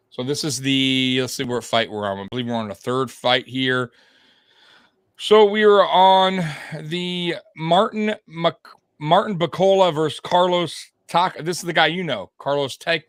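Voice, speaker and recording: A man's voice: a little high, animated, unhurried, smooth, no echo. Man, podcast co-host, rambling casual commentary, repeats himself, dry sound. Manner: chatty, rambling, self-repeating with frequent laughs. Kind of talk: casual live fight commentary.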